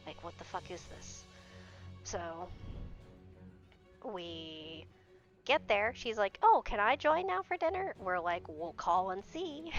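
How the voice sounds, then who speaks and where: A woman's voice: on the low side, fairly bright tone. Blunt, foul-mouthed young woman streamer. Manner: blunt, swears freely. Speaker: game streamer. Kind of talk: casual chat. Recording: dull lo-fi stream audio with faint music.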